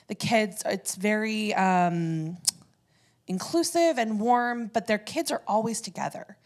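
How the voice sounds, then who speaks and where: A woman from a community theater speaking off the cuff at a church service, emotional, halting and laughing between phrases as she thanks the congregation. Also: medium pitch. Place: church sanctuary.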